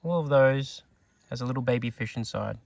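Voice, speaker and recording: A man's voice: medium pitch, fairly quick, gravelly, no room sound. A young man, a PhD student, chatting enthusiastically and joking about himself while doing fieldwork outdoors in a swamp. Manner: enthusiastic, jokey, self-mocking. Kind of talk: casual outdoor field vlog. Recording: distant mic with faint outdoor noise.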